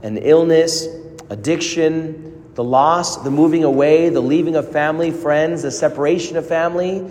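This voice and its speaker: A man preaching a sermon as a priest, earnest, with dramatic pauses and rising emphasis. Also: a little high, a little mellow. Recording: long reverb of a large hall.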